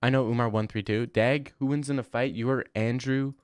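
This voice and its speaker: A man's voice: medium pitch, fairly even intonation, fairly quick, clear, resonant tone, no echo, clean studio sound. Blunt young man rambling on stream. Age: 20s. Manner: rambling, blunt, swears freely. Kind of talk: casual live-stream chat reading.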